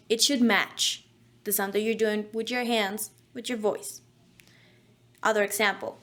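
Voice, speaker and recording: A woman leads an online voice acting lesson at a medium pitch. She explains the drills in an instructive way and repeats practice phrases herself. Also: steady tone, normal speed, fairly bright tone. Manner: instructive, demonstrates diction drills at varying speeds.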